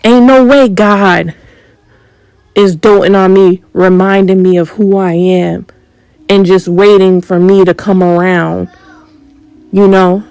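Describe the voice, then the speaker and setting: Slow, confrontational woman preaching. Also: lowish voice, little pitch movement, warm tone, clear, resonant tone, no room sound, rough recording. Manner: confrontational, rhetorical questions, emphatic. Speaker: spiritual channel host. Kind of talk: unscripted spiritual monologue.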